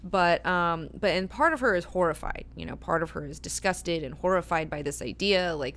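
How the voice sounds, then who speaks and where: Animated, foul-mouthed woman hosting a book club. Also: lowish voice, moderate pace, few pauses. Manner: animated and profane, acting out characters' lines. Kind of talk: casual book club discussion.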